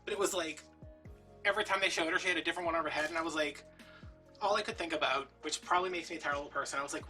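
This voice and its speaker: A man's voice: fairly high pitch, rapid-fire. A man chatting in a rambling, filler-heavy way while he works on a craft project at home. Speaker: crafting YouTuber. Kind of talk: casual chat while crafting. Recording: distant mic with soft background music.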